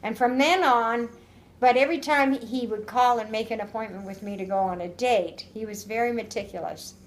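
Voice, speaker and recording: A woman's voice: fairly high pitch, normal speed, slight background noise. An older woman telling an oral history story in a chatty, rambling way, quoting old conversations and often laughing. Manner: chatty, rambling with restarts and quoted dialogue. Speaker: interviewee.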